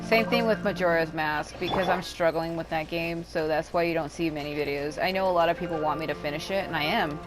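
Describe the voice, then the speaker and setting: A woman with a slightly low, raspy voice talks her way through a game session, cursing freely and drifting into long rambling asides. Game music plays clearly underneath her commentary. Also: brisk, hardly any pauses. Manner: chatty, swears often, rambling asides. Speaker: gaming YouTuber. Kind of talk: casual gameplay commentary.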